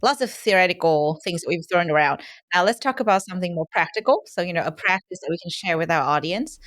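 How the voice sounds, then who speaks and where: A woman with a lowish voice hosts the interview, affirming her guest often. Her voice sits close and dry on the mic. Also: lively intonation, quick pace, no room sound. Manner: warm affirming, frequent yeahs. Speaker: podcast host. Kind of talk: interview questions.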